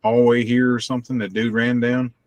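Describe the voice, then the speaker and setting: A man's voice: mid-range voice, little pitch movement, a little fast, no room sound. A man playing a tabletop game, casual and asking practical tactical questions. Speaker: player.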